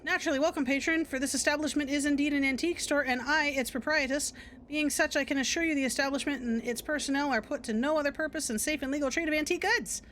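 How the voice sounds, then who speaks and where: A woman's voice: high voice, quick pace, fairly bright tone, a little hiss or hum, pitched above the performer's own voice. A woman doing a prim, wordy shopkeeper. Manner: formal, long-winded and stilted. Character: prim, wordy antique shop proprietress, evasive.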